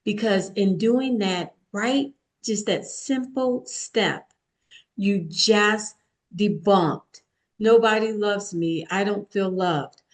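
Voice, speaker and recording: A woman author and meditation guide, a podcast guest, talking in a soothing, reassuring, deliberate way. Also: medium pitch. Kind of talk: interview guest.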